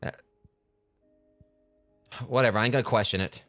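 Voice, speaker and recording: A man's voice: on the low side, moderate pace, fairly bright tone, soft background music. A man streaming himself playing a game, chatting casually and rambling, with lots of fillers. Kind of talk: gameplay commentary.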